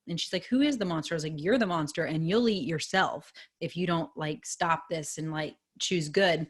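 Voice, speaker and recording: A woman in her thirties hosts a casual podcast monologue, her voice sitting a little low. She rambles through a personal story, peppering it with "like" and "um". She slips into the voices of the people she quotes. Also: fairly bright tone. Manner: chatty, lots of likes and ums, acts out quoted lines. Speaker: podcast host.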